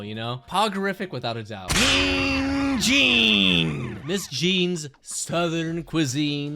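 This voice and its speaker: A young man giving casual, sarcastic commentary, swearing freely and laughing as he ranks things. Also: medium pitch. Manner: animated, profane, sarcastic, laughs often. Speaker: commentary video host.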